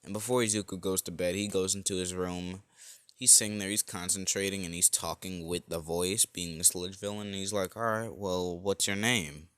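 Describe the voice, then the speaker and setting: A man's voice: low voice, steady tone, a little fast, a bit bright, smooth, no echo. A man casually improvising a fan-made story, rambling and correcting himself as he goes.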